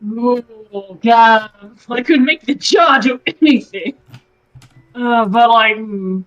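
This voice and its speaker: Casual, halting tabletop player, bright tone. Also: medium pitch, highs cut off. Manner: hesitant, lots of fillers. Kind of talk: casual game chat.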